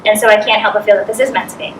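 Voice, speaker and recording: A woman with a Boston accent speaks to a live audience, earnest and a little nervous as her words tumble out quickly. She is heard from a distance in an echoey hall with a faint hiss behind her. Her pitch sits in an ordinary middle range for a woman. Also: fairly even intonation. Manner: nervous, fast-talking, earnest. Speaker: speaker at a coaching event. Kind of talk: motivational speech to a live audience. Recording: echoey room from a distant mic with faint noise.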